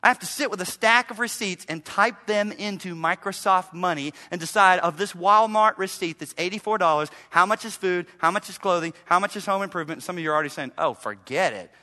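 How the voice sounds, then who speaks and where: A man preaching from the pulpit with a high, bright, forceful voice that carries through a long-reverb church hall. He swings from playful mock voices of his listeners to sudden hushed, earnest moments. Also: quick pace, few pauses. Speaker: pastor. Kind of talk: sermon.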